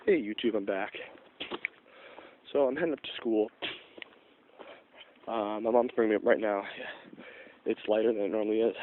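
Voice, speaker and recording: A man's voice: medium pitch, a little hiss or hum. Young man with a nasal cold voice. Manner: rambling, self-correcting. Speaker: vlogger. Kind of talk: casual car-repair vlog. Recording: tinny phone-like audio.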